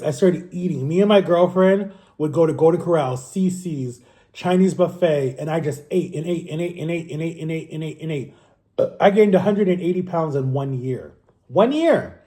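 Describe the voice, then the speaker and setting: A man in his thirties from Florida, vlogging as he eats on camera, speaks with a high-leaning voice and a dark tone. He tells his story in a rambling, candid way and fixes his own words along the way.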